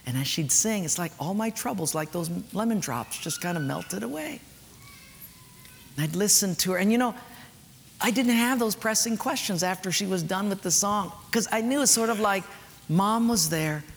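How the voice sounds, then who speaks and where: A man's voice: high voice, animated, moderate pace, creaky. A man preaching a sermon, telling a personal story with emphatic turns. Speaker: pastor. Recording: echoey hall, faint noise.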